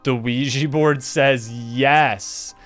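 A young man who runs a gaming channel reads in-game story dialogue aloud and reacts excitedly, laughing and gasping often. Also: mid-range voice, drawn-out words. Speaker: gaming YouTuber. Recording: faint background music.

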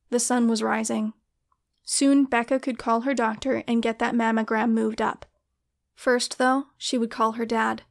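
A woman narrating an audiobook short story in a gentle, steady way. Her voice sits fairly high, with a calm, even delivery throughout. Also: measured pace, vocal fry.

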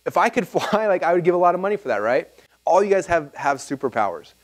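A man giving a live seminar talk to an audience, animated and rambling with asides and restarts. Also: high voice, quick pace. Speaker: seminar speaker. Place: event hall with audience.

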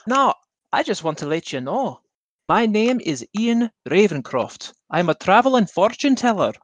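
A man's voice: sits high, big pitch swings, moderate pace, dry recording, voice pushed up. A theatrical traveling fortune teller, put on by a man, rolls out grand pronouncements with a salesman's flourish. The sound is dry and close. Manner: grandiose, showy salesman patter. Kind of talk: tabletop game role-play.

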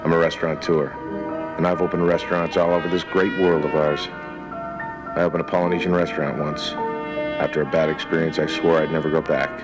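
A man narrates a noir parody in a gruff, hard-boiled voice. His voice is extremely deep. Loud music plays underneath. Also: level tone, fairly quick. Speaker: movie narrator.

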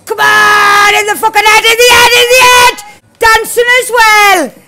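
A woman giving excited gameplay commentary as a streamer, shouting, swearing and cheering at the action. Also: extremely high pitch, measured pace. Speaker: gaming streamer.

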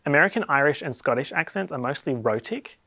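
A man's voice: fairly high pitch, animated, quick pace, vocal fry, pushed and bright, no echo. An Australian man hosting a comedic explainer video, talking in a playful, wry and sarcastic way. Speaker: YouTube host.

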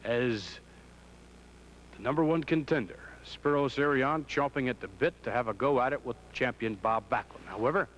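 Formal broadcaster announcing wrestling cards. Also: male voice, mid-range voice, fairly bright tone, a little hiss or hum, rough recording. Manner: measured, formal, broadcaster delivery. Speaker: ring announcer and interviewer.

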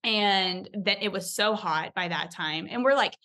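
A woman's voice: mid-range voice, a little slow, bright, forceful tone. A young woman telling a personal story in a casual, chatty way, full of "like" and acted-out quotes. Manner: chatty, fills talk with "like", acts out quoted voices. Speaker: podcast guest.

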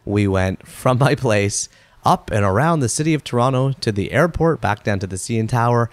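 A man hosts a podcast in a chatty storytelling voice, and his pitch rises and falls a lot as he acts out each exchange. He speaks close to the mic in a dry, dead room. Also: normal speed, no echo. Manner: animated, chatty storyteller who acts out quotes. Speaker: podcast host.

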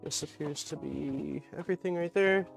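A man's voice: on the high side, normal speed, creaky, soft background music. Chatty man hosting a live unboxing stream. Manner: chatty, thinks aloud, greets chat viewers. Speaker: streamer host.

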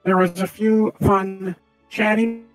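A man's voice: sits high, steady tone, takes it slowly, faint music behind, rough recording. A man playing in a tabletop game, rambling through a recap from his notes over a video call, with stumbling restarts. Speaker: player.

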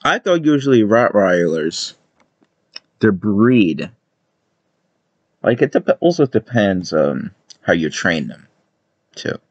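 Slow hesitant low-voiced reactor. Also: male voice, sing-song, dry recording, lo-fi sound. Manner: hesitant, rambling, many fillers. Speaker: video reactor. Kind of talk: casual reaction commentary.

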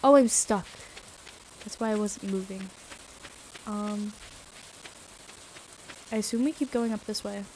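A woman's voice: medium pitch, slow pace, pauses often, a little mellow, slight background noise, poor audio. A woman streaming a video game, chatting casually and giggling as she reacts aloud to what happens on screen.

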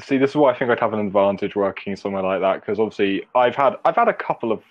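A man's voice: fairly low pitch, fast, no room sound, highs cut off. A young man speaking as a podcast guest over a video call, telling stories animatedly and acting out what people said. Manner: animated storyteller, acts out quotes. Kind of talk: casual chat.

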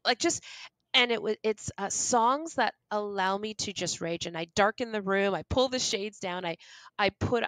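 Gravelly, passionate woman guest in her forties. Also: medium pitch, no echo, rough recording. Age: 40s. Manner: passionate, animated, lots of restarts and laughs. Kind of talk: candid interview conversation.

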